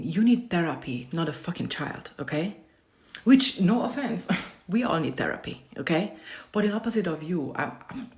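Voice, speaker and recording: A woman's voice: low voice, a little mellow. A woman in her thirties telling a parenting story in a blunt, profane, emphatic casual rant. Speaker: parent vlogger.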